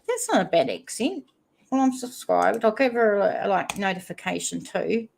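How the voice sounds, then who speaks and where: A woman's voice: medium pitch, sing-song, normal speed, gravelly. A woman from New Zealand with a New Zealand accent, hosting a casual livestream chat and reading viewer comments aloud. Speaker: livestream host.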